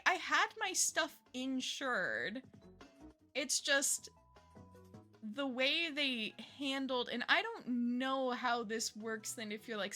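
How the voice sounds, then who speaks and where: High, lively giggling streamer woman. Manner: giggly, swears casually. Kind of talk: casual stream chat.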